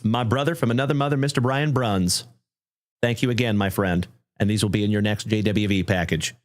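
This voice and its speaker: A man hosting a livestream trading card break, thanking viewers effusively and calling out cards with excitement. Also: on the low side, brisk. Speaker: live card break host.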